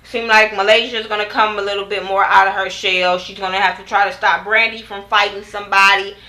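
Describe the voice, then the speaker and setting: A young woman casually recapping a TV episode in a vlog, animated and profane, acting out what others said. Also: mid-range voice, brisk, rough recording. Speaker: TV show reviewer.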